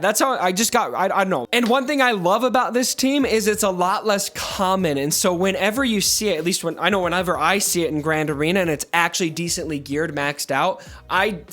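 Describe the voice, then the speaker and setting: Hosting a casual gaming commentary video, a YouTuber with a high, slightly bright voice talks in a playfully dramatic, mock-mournful way.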